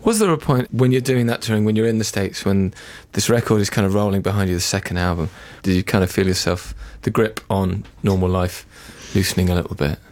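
A man interviewing a musician, asking questions in a halting, hesitant way. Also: deep voice, fairly even intonation, darkish tone.

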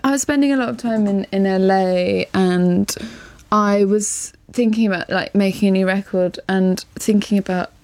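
A woman's voice: mid-range voice, fairly even intonation, moderate pace, a little mellow, no echo. A woman musician answering interview questions in a rambling, giggly way with lots of fillers. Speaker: musician guest. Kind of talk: casual interview chat.

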